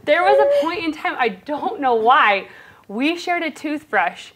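A woman's voice: high-pitched, sing-song, a little slow, a bit bright. A woman co-hosting a talk show, chatting casually and laughing often as she tells stories. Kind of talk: casual chat.

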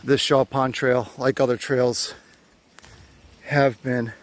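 A man's voice: medium pitch, little pitch movement, takes it slowly. A man chatting to himself in a casual hiking vlog, rambling and joking as he walks a forest trail outdoors. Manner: rambling, joking self-talk. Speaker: vlogger.

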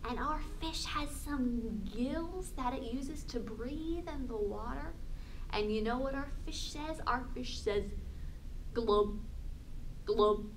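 A woman librarian leading a storytime for young children, talking in an animated, exaggerated sing-song way. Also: high voice, measured pace, noisy background.

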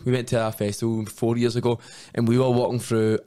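A man's voice: medium pitch, brisk. A Scottish man co-hosting a podcast, telling rowdy stories in casual chat, swearing freely and laughing often. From Scotland. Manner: animated storyteller, swears a lot, laughs often. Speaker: podcast co-host.

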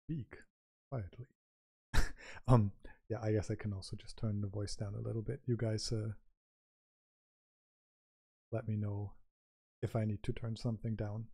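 A man chatting casually on a live stream as he makes music, thinking aloud in an unhurried way, through a microphone with noise reduction and compression. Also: on the low side, gravelly, warm tone. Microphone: new microphone with noise reduction and compression.

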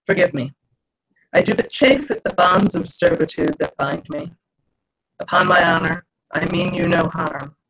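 A woman's voice: fairly low pitch, normal speed, creaky, fairly bright tone. A woman reading as a sly wheedling male spirit. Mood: brooding. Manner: archaic, coaxing, theatrical. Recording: dull lo-fi video call audio.

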